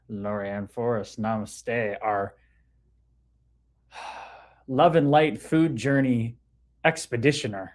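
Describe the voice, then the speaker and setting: A man's voice: mid-range voice, very animated, takes it slowly, pauses often. A man hosting a livestream in a casual, laid-back way, talking about spirituality and greeting viewers by name as he reads their comments. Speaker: livestream host.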